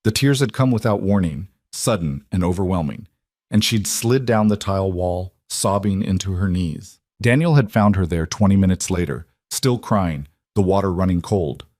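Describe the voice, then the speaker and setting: A man reading a drama story aloud in a steady, even narration. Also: low voice, moderate pace, dry recording, studio quality.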